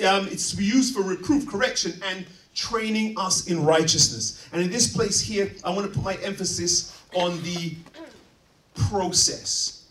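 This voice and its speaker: A man preaching a sermon, dynamic, swinging from quiet asides to loud emphatic points. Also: high voice, distant mic. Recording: roomy, from off-mic.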